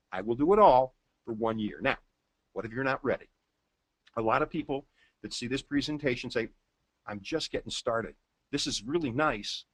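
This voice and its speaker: Male presenter, mid-pitched, polished and persuasive for a sales pitch, dry close sound. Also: dry recording. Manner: upbeat, persuasive, reads out order details slowly. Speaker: marketing presenter.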